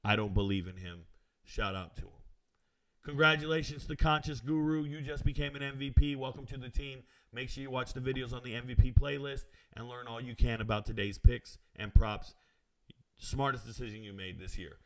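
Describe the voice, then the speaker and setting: Reading out comments from his live stream viewers, a sports betting host fires back confident, brash replies laced with slang and offhand chatter. He talks briskly in a steady, medium-pitched voice.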